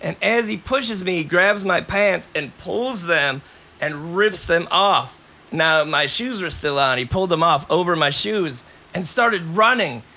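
Podcast host with a fairly high voice, telling loose, rambling stories. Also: male voice, unhurried. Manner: rambling, animated, coughs between lines. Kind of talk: casual storytelling.

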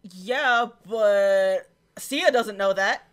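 A woman's voice: mid-range voice, very slow, clear, resonant tone. A woman co-hosting a casual chat, cutting in with wry, sarcastic asides and often laughing. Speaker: podcast co-host.

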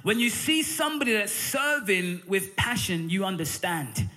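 A man preaching a fervent sermon in church, calling for amens and pausing often with "uh" fillers. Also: sits high, sing-song, bright, forceful tone, soft background music. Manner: fervent preaching, calls for amen; frequent "uh" fillers between phrases.

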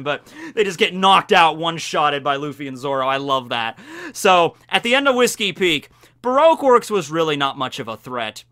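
A young man talking through an anime recap in a casual vlog, with enthusiastic, animated storytelling. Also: high voice. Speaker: anime commentator.

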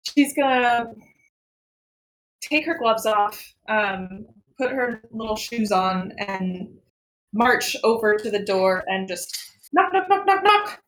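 A woman's voice: medium pitch, slow, fairly bright tone. A woman playing a tabletop game, describing her character's actions with fillers. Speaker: player.

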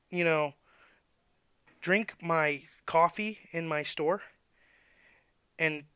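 A man's voice: on the high side, fairly bright tone, clear, resonant tone, dry recording. A man who works as an auto mechanic, telling shop stories in a blunt, profane, ranting way. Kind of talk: casual storytelling rant.

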